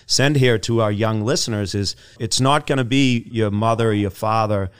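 A man's voice: lowish voice, moderate pace, clean tone. Earnest man giving advice. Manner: earnest, advice-giving, driving home a point. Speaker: podcast co-host. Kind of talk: casual podcast talk.

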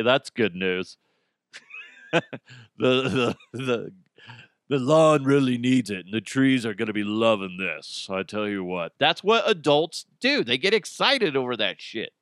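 A man's voice: mid-range voice, animated, unhurried, fairly bright tone, dry recording, clean studio sound. A man hosting a casual solo podcast, joking and rambling, swearing freely and slipping into mocking voices. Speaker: podcast host.

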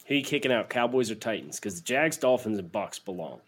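A man's voice: lowish voice, very animated, brisk, a bit bright, husky. A young man co-hosting a casual sports podcast, reading listener takes aloud and teasing his partner. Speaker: podcast co-host.

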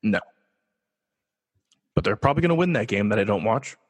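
A man's voice: lowish voice, lively intonation, a little fast, slightly rough, in a large hall. A man from Los Angeles hosting his own sports talk show, casual and joking, asking himself rhetorical questions. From Los Angeles, USA. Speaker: podcast host.

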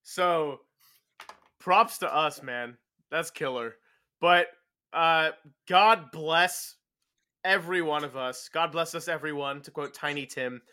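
A young man hosting a podcast, excited and quick-talking as he wraps up the episode. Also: fairly high pitch. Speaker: podcast host. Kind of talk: casual podcast chat.

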